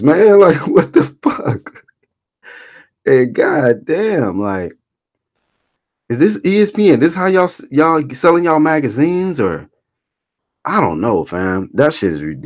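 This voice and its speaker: A man's voice: mid-range voice, a little mellow. A man rambling through casual live-stream commentary, reading chat comments and reacting in an incredulous, profane way.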